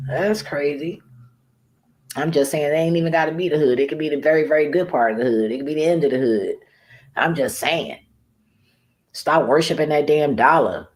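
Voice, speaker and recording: A woman's voice: deep voice, normal speed. A woman vlogger ranting casually to camera in a blunt, profane way, often laughing at her own remarks. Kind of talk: casual rambling rant to camera.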